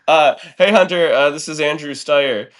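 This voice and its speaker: A man hosting a podcast in casual chat, reacting quickly and laughing easily. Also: on the high side, fairly bright tone. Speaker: podcast host.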